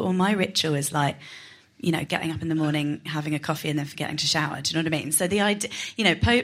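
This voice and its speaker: Chatty woman with a bright lift. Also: low-pitched. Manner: chatty, self-mocking, laughing asides. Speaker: podcast guest. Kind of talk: casual chat.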